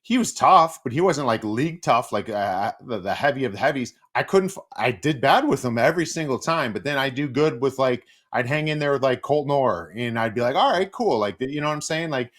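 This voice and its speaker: A man co-hosting a casual show, a former hockey player telling stories in a lively, loose way, swearing freely and using plenty of fillers. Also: medium pitch, fairly quick, few pauses. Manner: animated storyteller, swears freely, many fillers. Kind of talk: casual storytelling chat.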